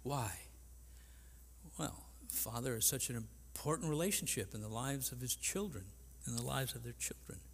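An older man preaching a sermon as pastor, earnest and halting, with frequent restarts. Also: medium pitch, a little hiss or hum. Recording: long reverb in a large hall.

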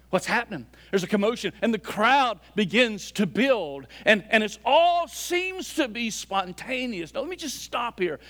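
Man preaching, high voice, pastor, loud emphasis then hushed asides, church sanctuary. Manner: swings between loud emphatic lines and soft low asides. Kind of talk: sermon.

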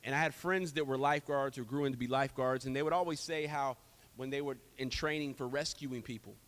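A man preaching a sermon in an animated way, swinging from loud to soft. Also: medium pitch, fairly quick. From Houston, Texas. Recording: long echo of a large hall.

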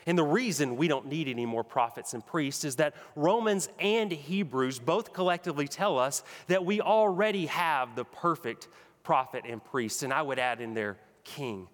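Emphatic preacher in a reverberant hall. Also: male voice, fairly high pitch, animated, moderate pace. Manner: emphatic preaching, builds to repeated punchy phrases. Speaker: pastor. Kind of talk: sermon.

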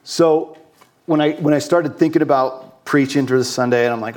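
Preaching as a visiting speaker, this man talks at an ordinary pace in a mid-range, slightly mellow voice. He sounds sincere, regularly repeats and restarts phrases, and sometimes briefly voices the people he quotes.

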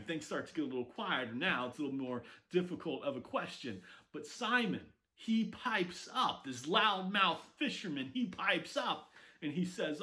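A man preaching a sermon, telling stories with lively acted-out quotes. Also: on the high side, moderate pace. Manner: animated storytelling with acted quotes. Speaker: pastor.

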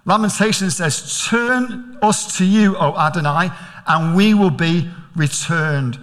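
An older man preaching a sermon in a church, telling stories and asking the congregation questions. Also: high voice. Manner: storytelling, animated, questioning. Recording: reverberant church hall.

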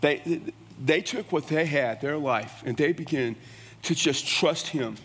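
A man's voice: fairly high pitch, unhurried, fairly bright tone, husky. A man preaching a sermon in a folksy, conversational way. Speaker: pastor. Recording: long reverb of a large hall.

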